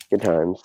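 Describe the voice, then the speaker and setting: A man's voice: mellow, no room sound, low-quality recording. A man hosting a casual chat, rambling with many fillers and frequent laughs. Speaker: podcast host and streamer.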